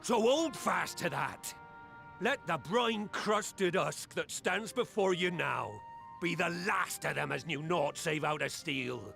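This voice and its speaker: An actor playing a grizzled old pirate captain in a game cutscene, speaking in a gravelly, rolling pirate manner with booming declarations. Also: male voice, slow pace, sharp tone, faint music behind, full character voice. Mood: rousing.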